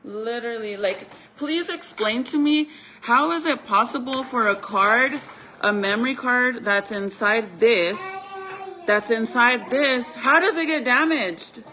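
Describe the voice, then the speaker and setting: A woman's voice: fairly high pitch, unhurried, bright, forceful tone. Young woman, home vlog, heartbroken venting, slightly tearful, faint background noise. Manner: sad, venting, sometimes tearful. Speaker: vlogger. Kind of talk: casual vlog to camera.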